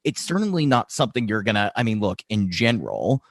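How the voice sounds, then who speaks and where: A man's voice: on the low side, very animated, brisk, dry recording, studio quality. A young man hosting a podcast, talking eagerly and casually with lots of fillers. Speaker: podcast host. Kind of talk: casual interview chat.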